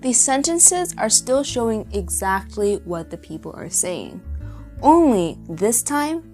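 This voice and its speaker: A woman teacher narrating a lesson with slow, clear explanations. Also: fairly high pitch, very animated, a little mellow. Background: faint guitar music.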